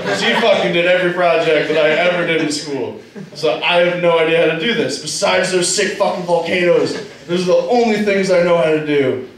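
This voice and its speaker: A young man tells loose, profane, self-mocking stories in a stand-up set, his voice sitting high for a man. He sounds far from the recorder in a very echoey room. An audience laughs loudly around him. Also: a little fast. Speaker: stand-up comic. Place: small comedy club stage.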